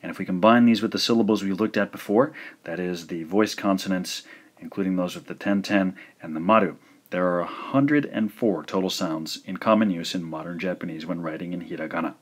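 A man narrating a recorded language lesson, speaking slowly and carefully and repeating each pronunciation. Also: low voice. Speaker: language teacher.

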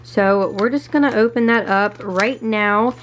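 A woman's voice: medium pitch, a little slow, a little hiss or hum. A young woman vlogging at home in her bedroom, chatty and gushing, with lots of "like" in her speech. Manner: gushing and excitable, heavy use of "like". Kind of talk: casual vlog chat.

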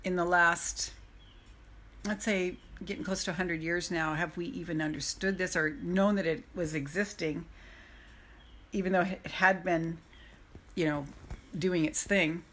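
A woman coach talks into her webcam on a live stream, bubbly and breathless, often laughing. Her voice is bright and forward. She speaks with eager excitement. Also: fairly low pitch, unhurried, pauses often, slight background noise. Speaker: emotional freedom coach.

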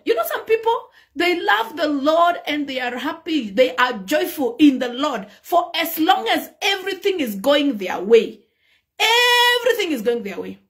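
A woman pastor with a Kenyan accent preaching a sermon, animated and acting out the people in her stories. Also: high voice.

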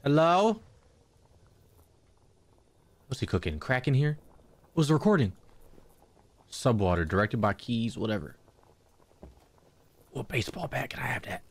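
A young man hosting a let's play, commenting crudely and jokingly, often jumping into silly high-pitched voices. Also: very animated, unhurried, long pauses. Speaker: gaming channel host.

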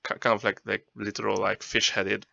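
A man tabletop player loosely retells what his group did, filling gaps with fillers. His low voice is gravelly and bright. The audio is dry and dull, like an online call. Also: completely flat delivery, brisk, dry recording. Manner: rambling, loose, with many fillers. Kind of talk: casual recap of a tabletop game.

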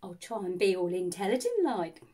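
A woman's voice: medium pitch, very animated, normal speed, warm tone, slightly rough, pitched below the performer's own voice. A woman voicing a ditzy, cheerful young woman, telling a comic story in a giggly, bubbly way. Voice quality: giggly, wide-eyed and bubbly. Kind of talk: comic character monologue.

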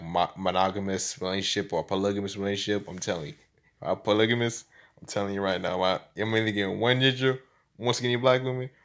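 A young man talking casually to his camera in a rambling, slangy vlog, laughing often and swinging between loud bursts and low mumbles. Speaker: vlogger.

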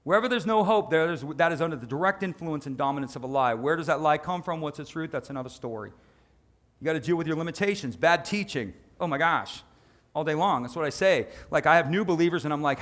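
Animated male pastor preaching. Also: on the high side. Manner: animated, conversational preaching with quick asides. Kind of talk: sermon.

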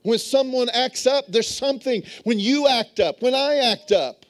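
A man's voice: very high voice, moderate pace. A man preaching a sermon as bishop, telling stories and calling on his congregation to answer back. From moved to Texas as an adult. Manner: storytelling, calls on the congregation to respond. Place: church sanctuary.

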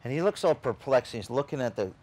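A male pastor with a mid-range voice preaches a conversational sermon at a quick pace, telling a personal story. He animatedly acts out other people's lines, restarts often, and chats directly with the congregation.

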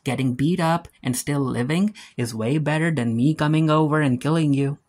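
A man putting on a calm, menacing male gang leader who coaxes and threatens in a matter-of-fact way. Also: on the high side, normal speed, natural voice. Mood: coaxing.

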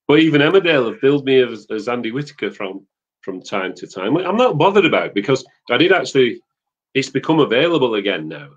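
A middle-aged man from Manchester, talking on a web chat show in a rambling, chuckling way. His voice sits low. The sound is dull and lo-fi. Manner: rambling, chuckling, warm anecdotal. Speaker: soap actor guest.

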